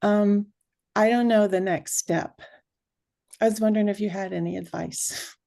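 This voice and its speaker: A woman caller on a video call, hesitantly asking for advice, unsure and pausing often. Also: mid-range voice, fairly even intonation, creaky, mellow. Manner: hesitant, unsure, many pauses. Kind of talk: hesitant question.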